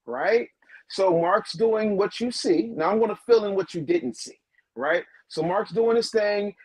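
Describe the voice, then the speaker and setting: Husky, lively man telling a story. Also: measured pace, no room sound, rough recording. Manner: lively storyteller, acts out quotes in a lower voice. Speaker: wrestling manager guest. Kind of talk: animated storytelling.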